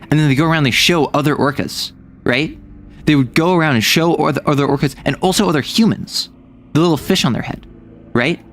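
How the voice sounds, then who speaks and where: Over a slight hiss or hum, a young American man with a somewhat high voice streams a casual conversation at a fairly quick clip. He rambles and jokes, repeatedly cutting off his own thoughts.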